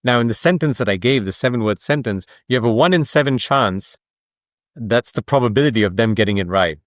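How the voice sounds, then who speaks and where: A man speaking in an interview at a middle pitch, with an explanatory, emphatic way of talking. He leans on rhetorical questions to drive his points home. The sound is dry and close. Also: animated, a little fast, dry recording. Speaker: author and coach, podcast guest. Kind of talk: conversational interview.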